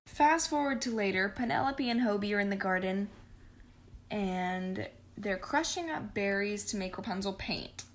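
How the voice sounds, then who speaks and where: A woman's voice: medium pitch, animated, normal speed, slight background noise. Sarcastic, foul-mouthed young woman. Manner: sarcastic, profane, rambling. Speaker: vlogger. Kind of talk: casual movie recap.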